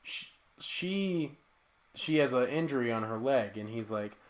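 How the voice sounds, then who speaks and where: A man's voice: medium pitch, animated, measured pace. A man co-hosting a podcast, recapping a film in casual chat and finishing his co-host's sentences. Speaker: podcast co-host.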